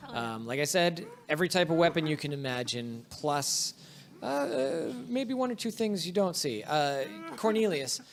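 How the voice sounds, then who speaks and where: A man's voice: a little high, normal speed. A man running a tabletop game as game master, narrating scenes with frequent ums and uhs. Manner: relaxed, filler-heavy narration with frequent ums.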